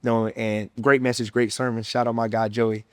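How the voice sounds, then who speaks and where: A man's voice: medium pitch, flat delivery, moderate pace, clear, resonant tone, no room sound. A young man in his twenties, a former college football player, shares his faith testimony in a casual, earnest way, full of "man" and "you know.". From United States.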